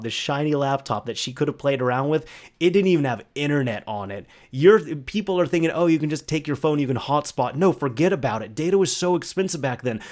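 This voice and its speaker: A man hosting a solo podcast, telling a casual story full of "like" and restarts. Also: mid-range voice. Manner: chatty, full of "like" and restarts, acts out quoted voices. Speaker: podcast host.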